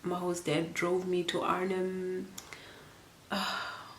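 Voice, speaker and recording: Low-voiced woman vlogger, roomy sound. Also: monotone, takes it slowly, a little hiss or hum. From Namibia. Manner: rambling, emotional, many fillers and restarts. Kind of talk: casual storytelling to camera.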